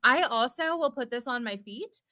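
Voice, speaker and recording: A bubbly woman chats casually about skincare. Her voice is bright and forward, recorded dry and close with no room sound. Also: a little high, animated, normal speed, dry recording. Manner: bubbly, chatty, self-deprecating. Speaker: skincare business leader, co-host. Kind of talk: casual livestream chat.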